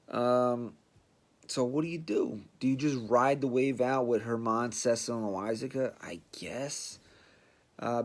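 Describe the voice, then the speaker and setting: A man hosting a podcast, giving a blunt, sarcastic sports rant and mocking the people he talks about. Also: medium pitch. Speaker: podcast host.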